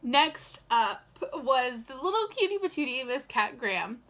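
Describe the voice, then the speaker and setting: A woman's voice: high voice, big pitch swings, measured pace, a bit bright. A young woman telling a story to her camera in a casual vlog, chatty and full of "like" and acted-out dialogue. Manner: chatty, lots of "like" and quoted dialogue. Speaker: vlogger.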